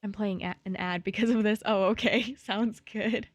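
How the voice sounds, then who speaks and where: A woman's voice: medium pitch, fairly even intonation, moderate pace, no echo, clean studio sound. A young woman streaming a game live, reading its text aloud and chatting playfully, jittery when spooked.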